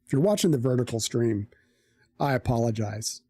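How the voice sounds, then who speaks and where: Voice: mid-range voice, animated, moderate pace, dark tone, breathy edge, no echo, studio quality. An adult parent streaming live, telling a story bluntly with plenty of swearing. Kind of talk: casual storytelling to a live chat.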